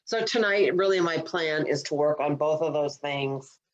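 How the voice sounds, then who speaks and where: A woman's voice: sits low, normal speed, highs cut off. A woman co-hosting a comedy podcast, chatting in an upbeat way and trailing off her sentences. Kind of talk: casual chat.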